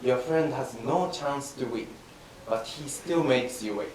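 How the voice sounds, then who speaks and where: Man playing a calm yawning master, steady teacher voice, faint hiss, slow and highish. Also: close to an everyday voice. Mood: calm instructing. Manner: calm, instructive storytelling. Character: patient older male yawning teacher. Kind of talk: rakugo comic storytelling. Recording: roomy, distant mic, faint hiss.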